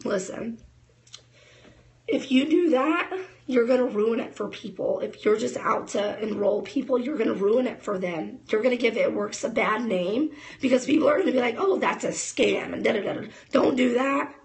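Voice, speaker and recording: A woman in her thirties talking to camera with a chatty, fired-up energy, calling her viewers "guys." Her voice sits a bit high with a gravelly, fry-laden texture. She sounds like a casual motivational pep talk. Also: lively intonation, moderate pace, poor audio. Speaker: network marketing distributor.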